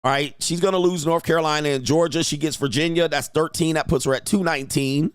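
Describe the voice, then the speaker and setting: Young guy streaming, thinking out loud all hyped, dry close mic. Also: a little high, quick pace, clean tone, no echo. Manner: thinks aloud, excitable, laughs often. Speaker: livestream host. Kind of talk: casual live commentary.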